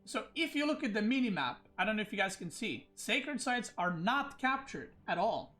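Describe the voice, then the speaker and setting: A man's voice: high voice, big pitch swings, normal speed, bright, forceful tone, faint music behind. A man streaming, ranting agitatedly about an unfair referee decision, upset and stumbling over his words. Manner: agitated, ranting, frequent restarts. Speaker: esports player and streamer. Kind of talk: livestream rant.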